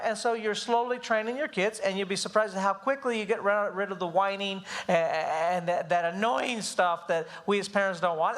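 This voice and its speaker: A middle-aged man teaching a live church parenting class, animated and acting out whiny children's voices. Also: high voice.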